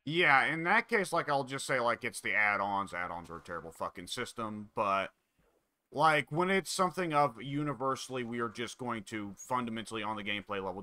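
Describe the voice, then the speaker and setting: A man's voice: fairly low pitch, pushed and bright, dry recording. A man chatting casually with a friend while gaming, rambling with frequent fillers. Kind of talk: casual chat.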